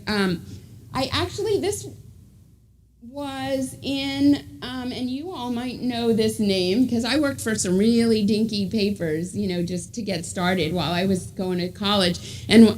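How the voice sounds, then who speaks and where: A woman's voice: fairly high pitch, a bit bright. A middle-aged woman with a New York accent, giving a chatty author talk that she often interrupts herself in. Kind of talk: casual talk with reading aloud.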